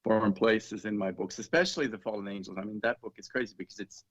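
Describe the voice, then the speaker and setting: A man with a fairly low voice, talking as an author guest on a podcast. He rambles through long explanations, with little laughs along the way. The audio comes through dull and lo-fi. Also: steady tone, fast talker. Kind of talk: casual interview chat.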